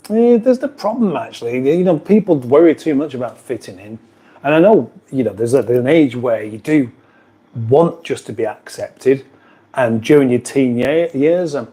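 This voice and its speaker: A man's voice: medium pitch, mellow. A British man hosting a casual live stream from a kitchen, chatting in a rambling way and reading out viewer comments. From United Kingdom.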